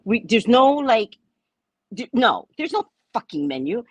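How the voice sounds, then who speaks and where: A woman telling a story casually to her viewers, animated and swearing, often checking in with "right?". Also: fairly high pitch, unhurried, no echo, poor audio. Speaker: vlogger, spiritual reader.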